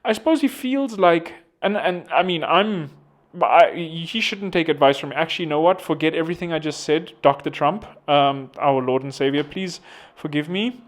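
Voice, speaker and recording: A man's voice: on the high side, normal speed. A young South African man giving casual political commentary, rambling and poking fun at himself. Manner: rambling, self-deprecating joking. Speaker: vlogger.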